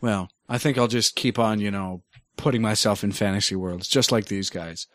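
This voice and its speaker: A man's voice: fairly low pitch, fairly even intonation, moderate pace, dry recording, clean studio sound. A young man in college co-hosting a casual gaming podcast, laid-back and rambling with jokes. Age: young adult. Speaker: podcast co-host. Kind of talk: casual chat.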